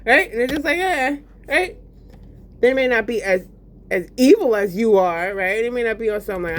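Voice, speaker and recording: A woman ranting casually while gaming, profane and animated, full of fillers. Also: fairly high pitch, moderate pace, slight background noise. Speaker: vlogger.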